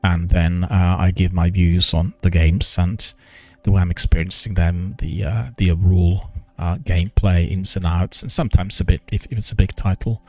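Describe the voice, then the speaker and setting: Slow, halting older man, low voice. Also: fairly even intonation, darkish tone, no echo. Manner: slow, halting, many ums and restarts; careful, formal enunciation. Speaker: gaming news streamer. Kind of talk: casual live-stream chat.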